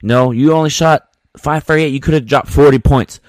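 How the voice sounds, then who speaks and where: A man's voice: mid-range voice, a little fast, darkish tone, dry recording. A man hosting his own sports podcast, venting casually in slang with many repeated words. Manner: slangy, repetitive, frustrated venting.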